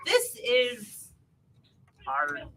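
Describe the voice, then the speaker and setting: A woman's voice: fairly high pitch, huge pitch swings, extremely slow, fairly bright tone. A woman with a British accent co-hosting a live stream, chatting playfully while she builds. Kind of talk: casual chat while building.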